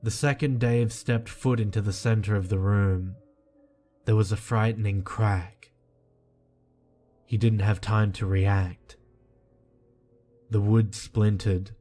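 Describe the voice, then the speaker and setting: A man reading a creepy first-person horror story in a slow, hushed and tense way. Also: lowish voice. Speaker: narrator. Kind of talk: scripted horror narration. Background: soft music.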